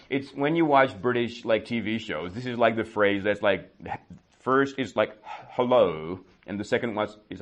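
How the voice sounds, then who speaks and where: Guy teaching english idioms to a class, kinda low voice, jokey, quizzes the room. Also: muffled recording. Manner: lively, joking, quizzes students on idioms; drops slow and quiet for example phrases.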